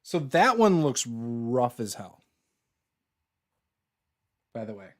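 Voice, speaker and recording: A man's voice: medium pitch, very animated, slow. A man narrating and explaining rules as the game master of a tabletop game.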